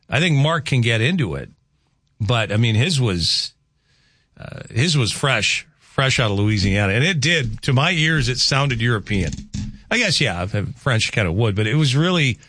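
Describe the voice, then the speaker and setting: A man's voice: medium pitch, animated, normal speed, fairly bright tone, dry recording, clean studio sound. A man hosting a radio show, chatting casually and rambling with asides and restarts. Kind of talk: casual morning radio chat. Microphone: studio microphone.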